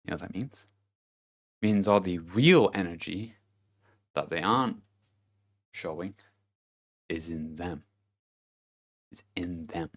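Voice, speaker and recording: A vlogger with a deep voice delivers a casual motivational monologue to camera, speaking slowly and pausing often. He's blunt and profane, chuckling between points.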